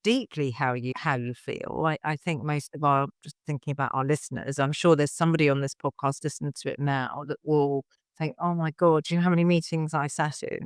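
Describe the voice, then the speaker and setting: A man's voice: a little high, clear, resonant tone, no room sound, studio quality. A man hosting a podcast interview, talking in a rambling, reflective way with lots of restarts. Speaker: podcast host. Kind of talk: conversational interview.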